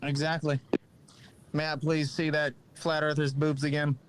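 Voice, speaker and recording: Flat, deadpan man joining a stream. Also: on the high side, a little slow, noisy background. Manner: deadpan joking. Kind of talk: casual live-stream chat.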